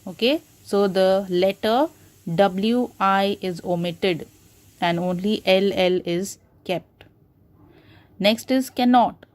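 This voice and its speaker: Woman teacher, Indian English accent, slow and patient, repeats examples for kids. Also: medium pitch, darkish tone. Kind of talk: classroom grammar lesson.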